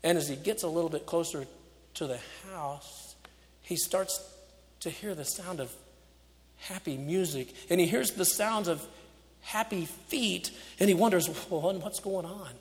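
A man preaching a storytelling sermon, swinging from loud to hushed and laughing off his own slips. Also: high-pitched, a little slow. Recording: echoey hall.

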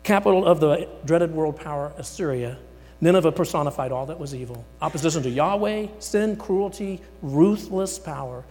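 Male pastor, slightly high voice, theatrical sermon delivery with big dynamic swings; long reverb, light hum. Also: moderate pace. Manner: dramatic, voices the words of God and Moses; swings between loud emphasis and near-whispers. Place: church sanctuary.

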